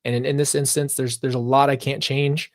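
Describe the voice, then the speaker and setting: A reaction channel host speaks to his viewers and chat on a live stream, earnest and reflective, often drifting into personal tangents. His medium-pitched voice is level and fairly quick, recorded with studio quality and no echo.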